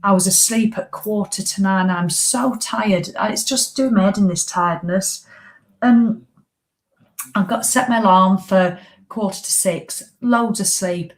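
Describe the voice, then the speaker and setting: A woman's voice: mid-range voice, measured pace. A middle-aged woman with a British English accent, hosting a live walking group as a fitness coach in a chatty, blunt, motivational way with casual swearing. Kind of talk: casual live-stream chat.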